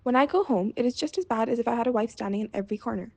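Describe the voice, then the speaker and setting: A woman voicing a stubborn, grumbling peasant man in a read-aloud fairy tale, blustering and exasperated, with a creaky edge. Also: a little high, racing, darkish tone, dry recording.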